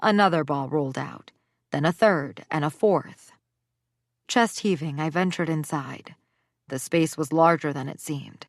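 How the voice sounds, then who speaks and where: A woman narrating a romance audiobook in the first person, with expressive scripted delivery. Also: low-pitched, no room sound, clean studio sound.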